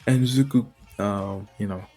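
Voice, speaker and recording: A man casually retells a fan story at an unhurried pace, rambling and dropping fillers as he goes. His voice sits at a middling pitch, with faint music in the background. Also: a little mellow. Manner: rambling, full of fillers and laughs.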